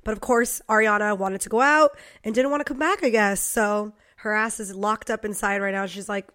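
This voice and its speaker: A young woman co-hosting a podcast, congested with a cold, her voice raspier than usual, chatting casually and cursing freely. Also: mid-range voice, steady tone, a bit bright. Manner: chatty, profane, quick laughs. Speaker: podcast co-host. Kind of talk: casual chat.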